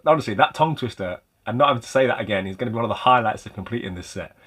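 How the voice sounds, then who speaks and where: A man's voice: on the low side, expressive, rapid-fire, fairly bright tone. A man hosting a casual vlog about retro game pickups, chatty and rambling with a light self-mocking humor. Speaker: retro game collector and channel host.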